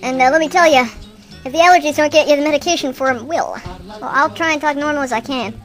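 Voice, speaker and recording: A woman voicing a nervous 1950s Italian male boxer who talks too loud into the mic and has allergies, in an improvised radio comedy. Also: high-pitched, fast talker, faint music behind, poor audio. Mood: flustered. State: allergies, throat-clearing.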